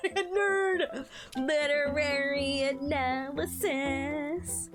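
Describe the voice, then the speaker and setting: Lively woman streamer reading aloud. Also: medium pitch, normal speed, over music. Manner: lively, breaks off into playful asides and laughs. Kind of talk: reading a game text aloud to a live chat.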